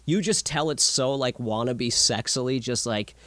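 A young man co-hosting a podcast in casual chat, swearing a lot and reacting excitedly. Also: medium pitch, normal speed, dry recording. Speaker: podcast co-host.

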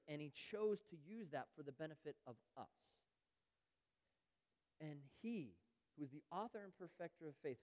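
A man preaching in a church sanctuary, his voice sitting a little high for a man. He is earnest, pushing louder on key phrases and sinking to near-whispers on others, and now and then he acts out the voices of churchgoers. A long reverb from the hall trails each phrase. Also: animated, normal speed. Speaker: pastor. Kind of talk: sermon.

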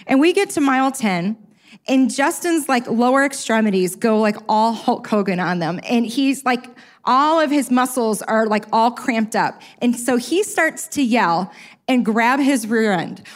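A woman's voice: fairly high pitch, measured pace. A woman telling a humorous personal story to a live audience, self-mocking and acting out what people said. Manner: lively, self-mocking, acts out quotes. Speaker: speaker sharing a personal story.

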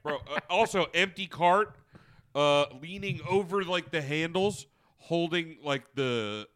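A man with a voice on the high side, speaking a little slowly, tells a story in a casual podcast chat. He swears freely and piles on fillers, animated throughout.

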